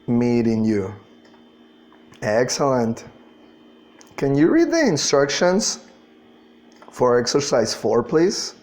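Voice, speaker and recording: Very slow-talking male English teacher. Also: mid-range voice, very animated, a little mellow. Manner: patient, drills pronunciation, spells words out. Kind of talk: classroom lesson.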